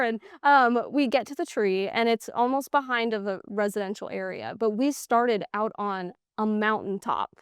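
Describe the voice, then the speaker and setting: Young woman, smooth highish voice, chatty, dry close sound. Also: moderate pace, few pauses, no echo. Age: young adult. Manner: animated storytelling, acts out quoted exchanges, laughs often. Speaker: guest, hunter. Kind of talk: casual interview chat.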